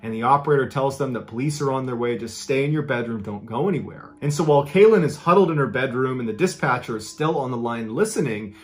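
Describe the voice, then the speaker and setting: A man's voice: mid-range voice, lively intonation, quick pace, hardly any pauses. A man narrating a true story in a dramatic storytelling style. He acts out quoted lines with a raised voice. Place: played from an original video inside a reaction video.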